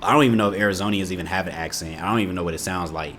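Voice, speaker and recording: This Indiana guy has a deep, slightly bright voice and talks very fast, with a bit of hiss or hum in the recording. Young and speaking with an Indiana accent, he reacts to a video on YouTube, rambling easily through stories and chat. "You know what I'm saying" comes up a lot.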